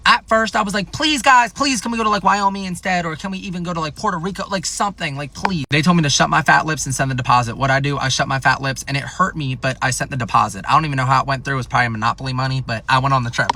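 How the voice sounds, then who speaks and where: A young man in his twenties telling a casual storytime monologue, jokey and animated, swearing often and jumping up into squeals for effect. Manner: animated, jokey, swears a lot, big pitch jumps into squeals. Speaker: TikTok storyteller.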